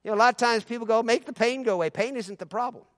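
A man preaching a sermon as pastor, moving between easy conversational talk and loud, rising exhortation. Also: very high-pitched, rapid-fire, no echo, studio quality.

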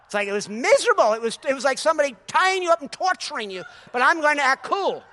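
A male preacher with a very high, bright, sharp voice. He delivers a lively sermon, laughs freely and breaks into hallelujahs. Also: quick pace, a little hiss or hum. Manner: animated, laughing often, exclaims hallelujah.

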